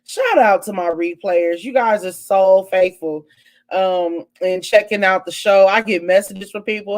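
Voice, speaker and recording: A woman's voice: medium pitch, unhurried. A woman hosting her own live online show, chatting casually and animatedly with viewers, full of exclamations and asides. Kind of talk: casual live-stream chat.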